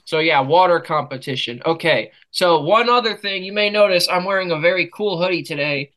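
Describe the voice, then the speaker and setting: A man's voice: high voice, lively intonation, a little fast, a bit bright, low-quality recording. An American man hosting a podcast in casual chat, telling stories with lots of swearing and laughter. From United States. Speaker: podcast host.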